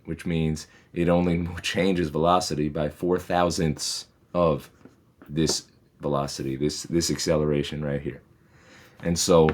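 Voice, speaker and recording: Very deep-voiced man teaching physics slowly. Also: darkish tone. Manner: patient, methodical explaining with reassuring asides. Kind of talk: recorded lesson walking through problems.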